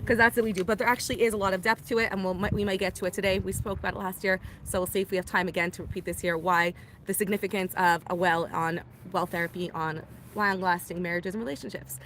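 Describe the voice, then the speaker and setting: Woman, rebbetzin teaching a class, rapid talk, acts out the characters' lines, noisy background hiss. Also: on the low side, steady tone, fairly bright tone. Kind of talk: lively retelling of a Torah story.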